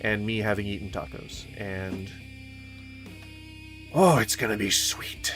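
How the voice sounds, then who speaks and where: A man giving casual let's-play commentary, goofy and rambling, with sing-song wordplay and sudden mock yelling. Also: on the low side, little pitch movement, moderate pace, music in the background. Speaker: gaming streamer.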